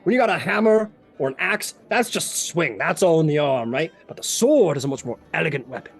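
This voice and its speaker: Hearty knight swordmaster, boastful and jovial, slightly raised voice, a game master putting him on. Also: male voice, on the high side, animated, brisk, creaky, husky, full character voice.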